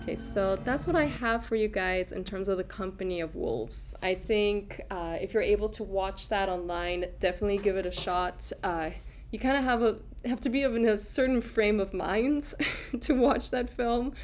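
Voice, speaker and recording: A woman's voice: mid-range voice, normal speed, a little mellow, faint music behind. A woman hosting a casual livestream lecture on art, chatty, with frequent laughs and fillers, answering viewer comments as she goes. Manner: chatty, laughs often, many fillers and restarts. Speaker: host giving an art lecture.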